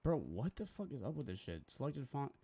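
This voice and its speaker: A man's voice: medium pitch, sing-song, fairly quick, warm tone, slightly rough. A young man streaming live as he designs graphics, talking to himself in a casual, profane way and getting easily frustrated.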